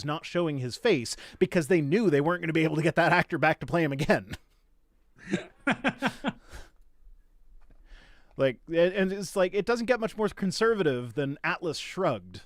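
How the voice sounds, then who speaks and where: Sarcastic, animated man with dry sound. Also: a little high, normal speed, dry recording. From Canada. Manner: sarcastic, animated storytelling with frequent restarts. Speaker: podcast host. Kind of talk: casual chat reacting to tweets.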